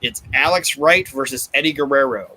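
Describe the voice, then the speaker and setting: Male podcast co-host, bright tone, loose chatty delivery. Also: medium pitch, moderate pace, low-quality recording. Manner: swears freely, laughs often. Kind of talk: casual chat recapping wrestling.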